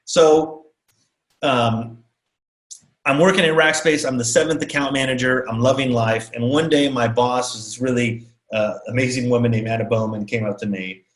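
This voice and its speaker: Animated storytelling man in echoey room. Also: mid-range voice, moderate pace. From Texas, USA. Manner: animated, acts out quotes of others. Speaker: keynote speaker. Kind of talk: storytelling talk.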